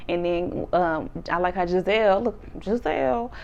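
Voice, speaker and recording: Woman, casual recap vlogger, animated storyteller, gravelly voice, dull lo-fi sound. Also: on the low side, normal speed. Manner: animated, acts out quotes in exaggerated voices, laughs often. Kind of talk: casual episode recap chat.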